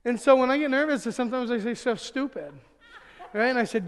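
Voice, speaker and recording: A man preaching in a church, his fairly high voice carrying a long hall reverb. He tells funny stories in an animated way, acting out the quotes and laughing along as he goes. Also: brisk. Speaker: pastor. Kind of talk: humorous sermon storytelling. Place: church sanctuary.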